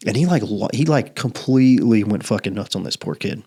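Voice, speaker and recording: A man's voice: on the low side, animated, a little fast, mellow, breathy edge. Profane storytelling host, a man. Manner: profane, storytelling, laughs often. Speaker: podcast host. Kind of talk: casual chat.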